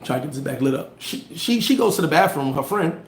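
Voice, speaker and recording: Livestream host, male, higher-pitched, slangy storyteller giving motivation, echoey room. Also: fast. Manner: animated storytelling with street slang; reads and answers viewer comments. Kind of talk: casual motivational live chat.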